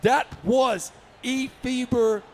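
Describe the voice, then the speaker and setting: A man giving energetic, upbeat play-by-play for a basketball video game tournament, often shouting the big plays. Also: very high-pitched, takes it slowly, slight background noise. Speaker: esports commentator.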